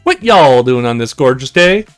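A man's voice: mid-range voice, wildly swooping pitch, normal speed, fairly bright tone, faint music behind. A man putting on a folksy drawling stranger. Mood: easygoing. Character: cheery drawling young man, laid-back stranger.

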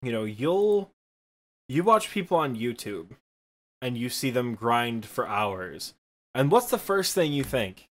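A man's voice: mid-range voice, big pitch swings, slow. A man with a thick Michigan accent, co-hosting a podcast in casual, rambling chat full of fillers and self-deprecating asides. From Midwestern United States. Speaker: podcast co-host.

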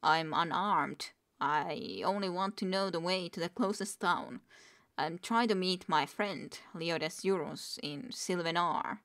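A woman's voice: on the low side, slow pace, a bit bright. A woman reading the lines of a lost, polite young male clerk, hesitant and courteous.

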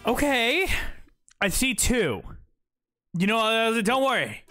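A man's voice: extremely high pitch, big pitch swings, takes it slowly, sharp tone, faint music behind. A man chatting playfully with his livestream chat, joking at his own expense while he plays. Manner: playful, self-mocking, talks to chat. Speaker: streamer.

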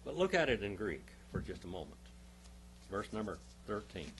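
A man's voice: on the low side, big pitch swings, normal speed, a bit bright, slight background noise. A male pastor teaching a Bible class, emphatic, stopping often to quiz his listeners with questions.

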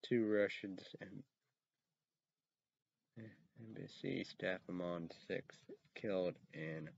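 A man reading news headlines aloud and ranting about them in a rambling, casual way, breaking into loud outbursts and cursing. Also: sits low, vocal fry, husky, dry recording, dull audio. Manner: reads headlines slowly, then rants loudly with cursing.

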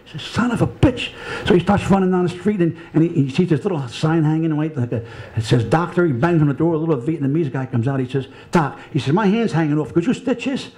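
A man's voice: a little high, quick pace, hardly any pauses. A man telling a long joke in a bar and acting out the characters' lines. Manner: animated storyteller, acts out the characters' lines.

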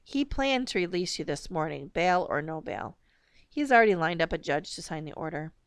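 A woman's voice: lowish voice, lively intonation, moderate pace, clear, resonant tone, no echo, studio quality. A woman reading aloud, voicing a stern mother who speaks tersely and crossly. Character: stern, exasperated mother, calm and curt.

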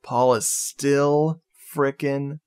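A man's voice: mid-range voice, flat delivery, extremely slow, a little mellow, clean tone. Jokey man co-hosting a film podcast. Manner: jokey, laughs often, swears casually. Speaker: podcast co-host. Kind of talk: casual film review chat.

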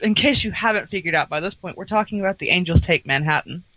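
Relaxed woman co-host, lower voice, muffled dry mic sound. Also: fast talker, no echo. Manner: relaxed, hesitant with fillers. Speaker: podcast co-host. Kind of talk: casual chat.

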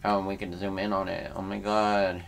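A man's voice: low voice, little pitch movement, normal speed, gravelly, slight background noise. A young man giving casual, laid-back gameplay commentary and reacting aloud in slangy talk. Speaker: let's player.

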